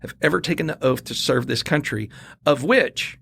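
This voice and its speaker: Middle-aged American man, Marine veteran type, gravelly and slightly high-voiced, animated podcast storyteller, dry close sound. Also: normal speed, no room sound. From United States. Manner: animated, repeats words while building up a story. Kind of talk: casual storytelling chat.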